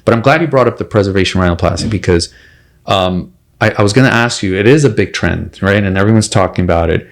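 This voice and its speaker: A man's voice: on the low side, fast. A man hosting a casual podcast interview, speaking earnestly and in a friendly way to a fellow surgeon. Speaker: podcast host, plastic surgeon.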